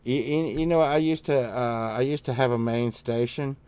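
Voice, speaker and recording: A man's voice: mid-range voice, fairly even intonation, normal speed, a little mellow. A man co-hosting a casual livestream chat, rambling and repeating himself with jokes and casual swearing. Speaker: livestream co-host.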